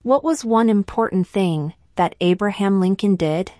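A woman slowly reading civics test questions and answers in a measured, deliberate way. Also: mid-range voice, a little mellow, dry recording, clean studio sound. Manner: measured, deliberate delivery with long pauses.

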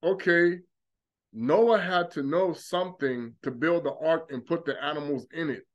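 A man preaching a fervent monologue, mocking opponents by mimicking them in quick asides. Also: on the high side, dull audio. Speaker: religious commentator.

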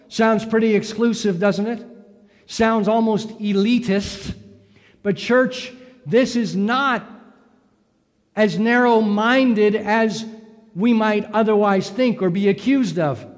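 A high-voiced pastor delivers a sermon slowly in a church sanctuary, putting questions to the congregation as he preaches. The recording has a long hall reverb.

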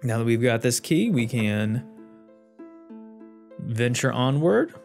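A man's voice: mid-range voice, very animated, takes it slowly, gravelly, darkish tone. A man who hosts a gaming channel, giving joking, sarcastic let's play commentary. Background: game music.

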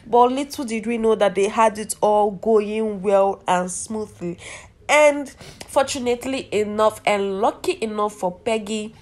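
Young Nigerian woman, gossip vlog host, chatty and exclamatory, mid-pitched. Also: measured pace, darkish tone. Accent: Nigerian English. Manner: chatty, exclamatory, addresses viewers as "my dear". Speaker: celebrity gossip vlogger.

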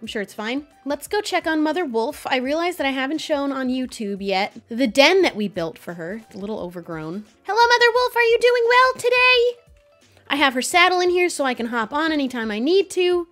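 Young female streamer, bright-pitched and animated, chatty game commentary. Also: a little fast, hardly any pauses, faint music behind. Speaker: Minecraft streamer. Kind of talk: casual gameplay commentary.

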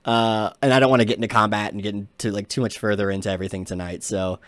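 A man narrating as game master of a tabletop game, halting with frequent "uh"s and chuckles. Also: on the low side, flat delivery, fairly bright tone, dry recording.

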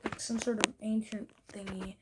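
A young woman giving casual gameplay commentary, thinking aloud, getting excited and now and then dropping into whispers. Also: mid-range voice, moderate pace. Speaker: gaming video creator. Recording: faint background noise.

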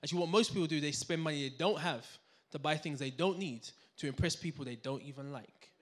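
Brit guy running a money seminar, slightly high voice, high energy, keeps quizzing the room. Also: fast talker. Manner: energetic, interactive, quizzes the audience with banter. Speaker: seminar speaker. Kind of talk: live finance seminar talk. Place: room with a live audience.

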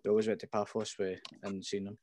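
A man's voice: on the low side, level tone, quick pace, very noisy. A young man with a Scottish accent, a podcast guest telling a story with hesitant starts. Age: 20s. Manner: hesitant, many fillers and restarts. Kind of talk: casual storytelling.

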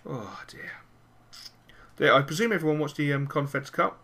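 Guy yelling at his football game, mid pitch, swears a lot when it goes wrong. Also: brisk. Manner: excitable, cursing and cheering at the game. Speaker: gaming channel host. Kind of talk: live football video game commentary.

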